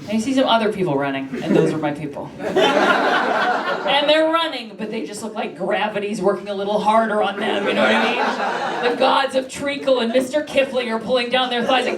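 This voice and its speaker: A woman's voice: on the high side, expressive, moderate pace, over a noisy crowd. A brash, self-mocking woman from Canada, performing a stand-up set on a comedy club stage and swearing freely. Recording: echoey room from far off, loud noise.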